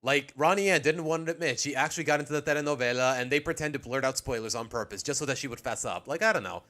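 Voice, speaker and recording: A man from Mexico with a mid-range voice talks at a quick pace, his tone pushed and bright. He's a streamer ranking cartoon episodes, rambling casually through his opinions on a live stream and often cutting himself off mid-sentence.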